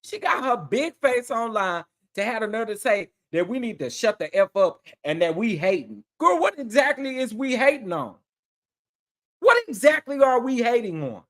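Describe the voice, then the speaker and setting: A man chats on his live stream with plenty of sass and attitude. His pitch swings widely as he doubles down on phrases for emphasis. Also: moderate pace. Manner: sassy and animated, repeats phrases for emphasis. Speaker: livestream host. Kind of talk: casual live-stream commentary.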